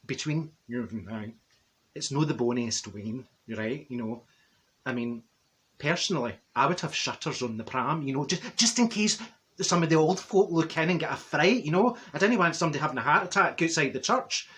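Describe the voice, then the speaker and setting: A man's voice: a little high, animated, fairly quick, a bit bright. A man playing a chatty, gossipy middle-aged Glasgow woman with a Glaswegian Scottish accent, rambling to camera with plenty of asides. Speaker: comedy character. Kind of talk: comic character monologue to camera. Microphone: camera set up nearby.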